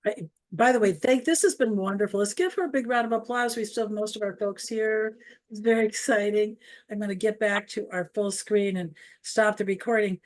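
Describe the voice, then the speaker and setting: A woman's voice: medium pitch, fairly quick. A woman in her seventies from Wisconsin with an Upper Midwest accent, hosting an online webinar in a chatty, rambling way over a video call. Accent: Upper Midwest American. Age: 70s. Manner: chatty, rambling, self-deprecating. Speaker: webinar host. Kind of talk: casual online webinar chat.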